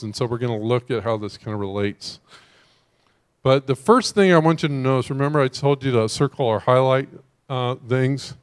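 A man preaching a sermon in a conversational way, breaking into sudden loud exclamations. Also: medium pitch. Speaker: pastor.

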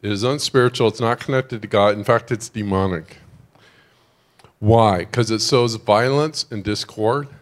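A male pastor preaching a sermon at an everyday, mid-range pitch. He talks to the congregation in a loose, conversational way, often checking in with "right?".

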